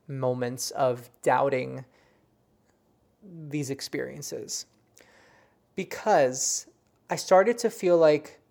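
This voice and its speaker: Low-voiced, excitable woman medium. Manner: animated and excitable, many fillers and restarts. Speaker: psychic medium recounting readings. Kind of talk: casual monologue.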